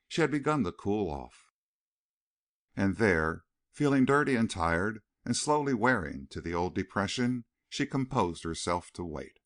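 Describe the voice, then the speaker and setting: A man narrating a western novel as an audiobook, reading in an expressive, dramatic way. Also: lowish voice, measured pace. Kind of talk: scripted narration.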